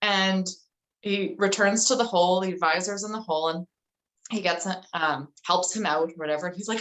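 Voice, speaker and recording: A woman's voice: medium pitch, fairly quick, fairly bright tone, low-quality recording. A middle-aged woman, a guest in an interview, speaking casually and telling a story with many fillers. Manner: chatty, loose storytelling with frequent 'like' and 'um'.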